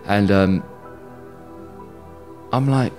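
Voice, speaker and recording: A man's voice: on the low side, extremely slow, a little mellow, faint music behind. A middle-aged man from England, a guest in an interview, talking candidly with emphatic, heated bursts and jokey asides.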